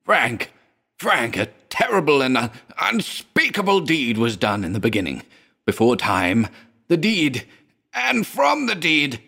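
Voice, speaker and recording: A man voicing a terrified, drug-haunted man in a storybook reading, who swings between shrieks and moaning, hoarse whispers. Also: medium pitch, lively intonation, measured pace, sharp tone, voice pushed up, full character voice. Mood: hysterical.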